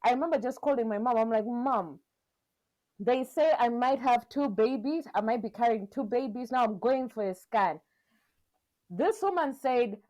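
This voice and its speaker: A young woman co-hosting a podcast, chatting casually and telling her story with animated quotes and frequent laughs. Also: fairly high pitch, normal speed. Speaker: podcast co-host.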